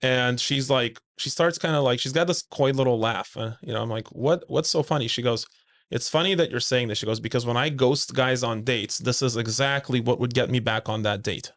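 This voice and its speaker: A man's voice: medium pitch, fairly quick. A man, a suit company founder, speaking as a podcast guest in a blunt, emphatic way, acting out quoted dialogue as he tells stories. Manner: animated storyteller, acts out quoted dialogue in a raised voice; blunt, emphatic, repeats key points. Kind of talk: conversational podcast interview.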